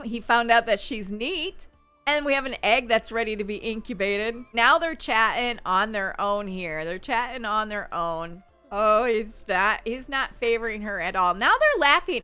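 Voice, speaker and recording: A woman's voice: fairly high pitch, sharp tone, smooth. A woman hosting a gaming channel, chatting her way through gameplay with little gasps and exclamations. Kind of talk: casual let's-play commentary.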